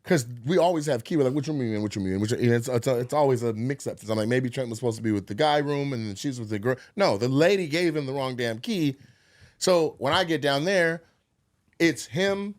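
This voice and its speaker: This is a man telling a story on a podcast in loose, casual chat, swearing freely and acting out each person he quotes. His voice sits at an ordinary middle pitch. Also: a little fast, no room sound. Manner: animated, acts out quotes, profane. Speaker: podcast co-host.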